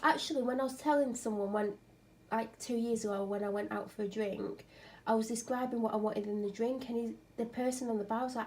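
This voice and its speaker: A woman's voice: on the high side, fairly even intonation, fairly quick, few pauses, a little mellow. A woman vlogging at home on a clip-on mic, ill and tired, chatting in a rambling, self-mocking way. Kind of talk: casual chat. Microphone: clip-on microphone.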